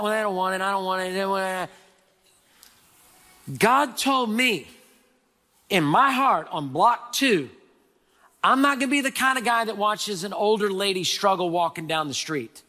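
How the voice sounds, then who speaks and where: A man preaching a sermon, telling a story with sudden loud and soft swings. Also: fairly high pitch. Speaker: pastor. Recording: hall reverb.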